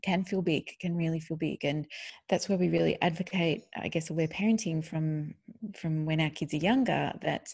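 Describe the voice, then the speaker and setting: A middle-aged woman co-hosting a podcast, talking earnestly in casual conversation and growing animated when enthused. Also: deep voice, vocal fry, slightly rough, no echo. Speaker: podcast co-host.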